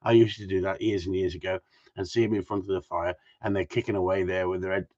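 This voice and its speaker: Husky man joking with viewers. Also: low voice, little pitch movement, fast, a little mellow. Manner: joking, rambling, talks straight to viewers. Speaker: gundog trainer. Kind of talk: casual livestream chat reading viewer comments. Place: outdoors in cold weather. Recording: muffled lo-fi sound.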